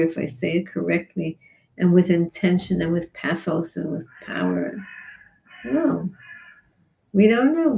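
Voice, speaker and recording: A woman giving a Torah class on Psalms in an earnest, expressive way, acting out back-and-forth dialogue with God. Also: on the low side, vocal fry, rough recording. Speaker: rebbetzin teaching Psalms.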